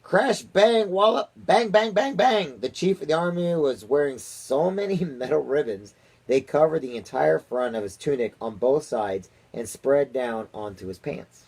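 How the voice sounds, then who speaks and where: A man's voice: mid-range voice, normal speed, gravelly, mellow, slightly rough. A man, a father reading a children's chapter book aloud to his daughter in a casual way. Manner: casual read-aloud, occasional chuckles.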